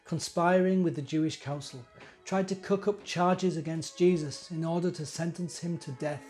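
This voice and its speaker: A man giving a measured dramatic scripture reading, telling the story. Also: on the high side, mellow. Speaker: scripture reader.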